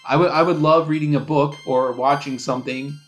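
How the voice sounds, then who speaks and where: Young guy rambling through a game playthrough, kinda high voice, faint game music behind. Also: fairly even intonation, fairly quick. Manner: rambling, musing, with fillers and laughs. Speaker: let's play host. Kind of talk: casual game commentary.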